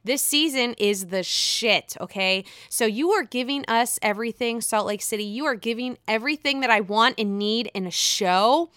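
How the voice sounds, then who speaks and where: A woman chatting casually about reality TV, gossipy and profane, swinging between quiet asides and excited outbursts. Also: fairly high pitch, normal speed, few pauses, smooth, dry recording, clean studio sound. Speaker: reality TV commentator. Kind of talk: casual chat.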